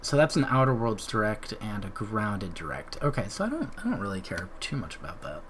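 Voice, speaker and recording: A man's voice: fairly low pitch, big pitch swings, fairly quick, fairly bright tone, a little hiss or hum. A man hosting a live stream, chatting casually and rambling with frequent laughs. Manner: laid-back, rambling, laughs often. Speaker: streamer host.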